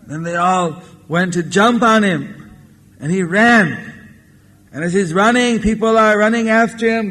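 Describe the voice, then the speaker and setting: A man giving a storytelling sermon as a spiritual lecturer, unhurried and acting out the characters in his tale. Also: sits high, fairly bright tone. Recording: 1994 lecture tape with long hall reverb.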